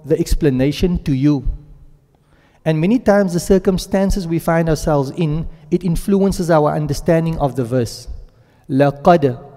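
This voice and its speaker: With a warm, slightly high voice and a long reverb tail behind him, a male Quran teacher gives a classroom lesson. He breaks the material into steps, pauses often to check on the class, and reels off Arabic verb forms quickly.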